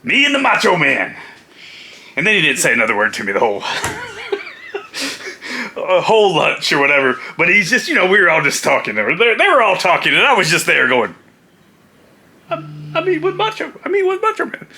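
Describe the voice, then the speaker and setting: A man, a motorcycle vlogger and former pro wrestler, telling a story casually, animated and laughing often. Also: sits high, normal speed, pauses often, slight background noise.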